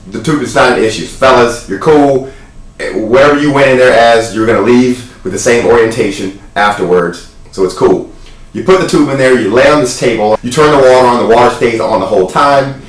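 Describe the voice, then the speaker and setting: A man giving an animated, jokey spoken account in a casual vlog. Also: mid-range voice, a little fast, echoey room, distant mic, rough recording. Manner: animated, chatty storytelling with jokes. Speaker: wellness vlogger.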